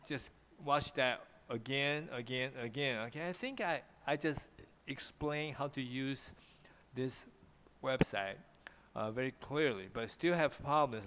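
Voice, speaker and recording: A man's voice: mid-range voice, a bit bright, smooth, in a large hall. A man with a Taiwanese accent teaching English pronunciation in an online class, often repeating himself and switching into Mandarin.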